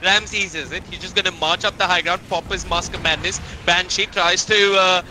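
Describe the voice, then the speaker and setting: A man casting a live esports match, excitable play-by-play that climbs during big fights. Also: high-pitched, normal speed, noisy background. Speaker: esports caster. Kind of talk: live game commentary.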